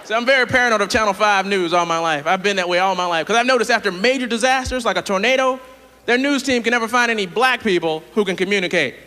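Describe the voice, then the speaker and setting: A man from the southern United States doing a playful, animated stand-up comedy set on a large theater stage. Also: high-pitched, fast talker. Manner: animated, playful, jumps into character voices. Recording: live theater hall with audience.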